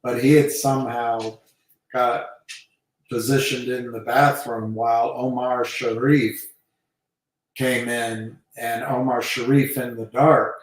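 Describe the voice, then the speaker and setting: A man's voice: medium pitch, flat delivery, slow. A man hosting a live stream, rambling hesitantly with many fillers. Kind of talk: casual rambling talk. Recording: very echoey room, mic far off.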